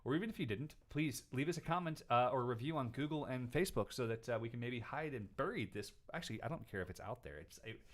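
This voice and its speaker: Telling a story with lots of animation, a host responds to viewer questions in casual chat, talking quickly with hardly any pauses. He mimics people by pitching his voice up high.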